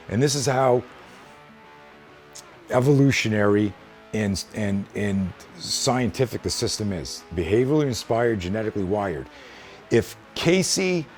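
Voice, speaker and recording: A man's voice: lowish voice, darkish tone. A man teaching self-defense in a hands-on demonstration, blunt and emphatic with plenty of swearing.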